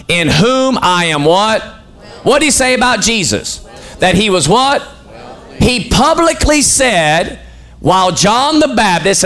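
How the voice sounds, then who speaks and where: Animated, high-voiced male preacher. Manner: call-and-response preaching, questioning the congregation. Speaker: pastor. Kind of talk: sermon.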